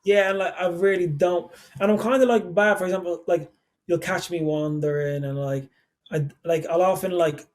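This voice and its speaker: A man's voice: high voice, steady tone, moderate pace. A young man in his twenties, a podcast guest and songwriter, talking casually, rambling with lots of fillers and poking fun at himself. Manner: rambling, filler-heavy, self-deprecating.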